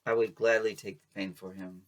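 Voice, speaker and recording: A man's voice: fairly low pitch, little pitch movement, fairly quick. A man giving a casual tarot reading to camera, chatty and playful, laughing often and making sassy asides. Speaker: tarot reader.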